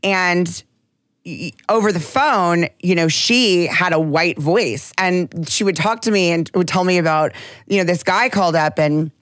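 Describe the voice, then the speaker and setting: A woman's voice: lowish voice, a little slow, a bit bright, no room sound, clean studio sound. A woman co-hosting a podcast in casual chat, talking candidly and with emphasis. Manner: candid, emphatic, swears freely. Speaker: podcast co-host.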